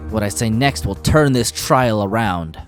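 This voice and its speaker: A woman streaming a game, reading the dialogue aloud with drama and bursting into excited shrieks. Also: very deep voice, a little slow, soft background music. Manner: reads lines dramatically, breaks into loud excited shrieks and laughter. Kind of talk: live-stream game playthrough with voiced lines.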